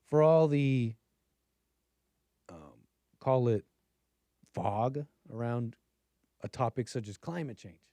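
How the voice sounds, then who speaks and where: A man hosting a political commentary livestream, rambling casually with fillers, restarts and quick chuckling asides. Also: medium pitch, mellow, no room sound.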